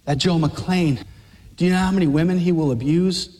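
A man voicing a cruel, taunting male devil tempting in a hushed lower voice. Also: moderate pace, big-room sound, natural voice.

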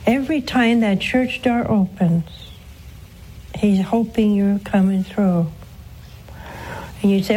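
A nun hosting a call-in show, preaching and answering callers in a slow, earnest way, swooping up in pitch for emphasis. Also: female voice, fairly even intonation, warm tone, low-quality recording.

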